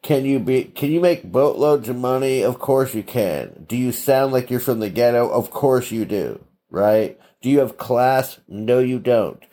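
A man's voice: medium pitch, a little slow, few pauses, dark tone. A man hosting a podcast in a casual solo monologue, blunt and opinionated, tossing out rhetorical questions and tagging lines with "right?". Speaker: podcast host.

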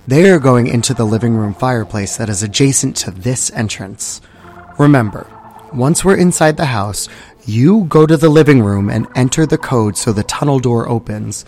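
A man narrating a first-person audio story in a lively, dry and amused way. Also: mid-range voice.

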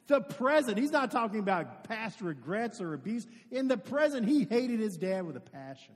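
High-voiced preacher man in a reverberant hall. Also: very animated, normal speed, few pauses. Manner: earnest storytelling preacher who addresses the congregation directly. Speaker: pastor. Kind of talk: sermon. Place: church sanctuary with a congregation.

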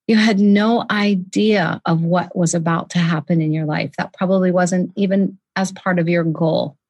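A woman's voice: lowish voice, steady tone, moderate pace, a little mellow, no echo. A woman hosting an interview, affirming her guest and drawing out the story. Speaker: interview host.

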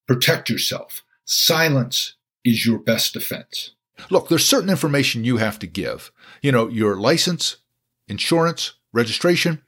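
A man who is a lawyer speaking to truck drivers in a folksy, jokey style, with emphatic repetition. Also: medium pitch. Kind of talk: folksy motivational talk.

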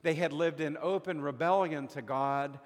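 A man preaching a sermon as a pastor, slow and deliberate with dramatic pauses, recorded in a church sanctuary. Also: fairly high pitch. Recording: long hall reverb.

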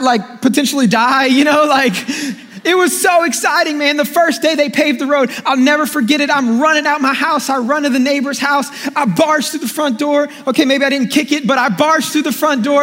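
A young male pastor with a notably high voice preaches to his congregation, spinning a funny, animated story and calling on the room to respond. His voice rings out with the long reverb of a large church hall. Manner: animated storytelling, playful and jokey, calls out to congregation. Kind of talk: sermon.

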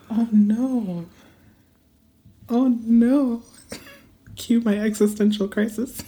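A woman with a New York accent co-hosting a casual podcast, animated, blunt and laughing a lot. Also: a little high, extremely slow, long pauses. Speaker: podcast co-host.

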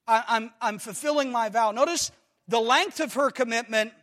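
A man preaches with a very high voice, repeating phrases for emphasis. His tone is bright and sharp, and he reads scripture aloud in the flow of the sermon. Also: moderate pace.

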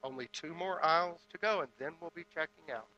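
A man doing a gentle, patient mother. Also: a little high, fairly quick, muffled recording, pitched above the performer's own voice, close to an everyday voice. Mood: soothing. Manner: soft, soothing.

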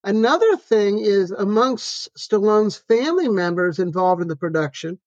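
A man co-hosting a faith-based podcast, chatting and reading trivia facts aloud in a measured, matter-of-fact way. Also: sits high, animated, no echo. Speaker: podcast co-host and counselor. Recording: dull lo-fi sound.

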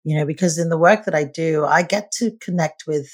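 A woman coach speaking as a podcast guest in an animated, preacher-like way, weaving scripture into her points. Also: low-pitched, fairly quick. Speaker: guest, feminine leadership coach. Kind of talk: conversational interview.

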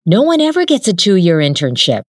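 A woman doing an eager young man, bright and lively. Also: on the low side, brisk, no room sound, studio quality. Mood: excited. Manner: excited, warm encouragement. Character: young male student, eager and supportive.

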